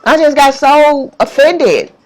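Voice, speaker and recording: Woman preaching to camera, kinda high voice, repeats herself hard, emotional. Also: slow. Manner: emphatic, repetitive preaching. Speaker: faith vlogger. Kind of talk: impassioned religious monologue.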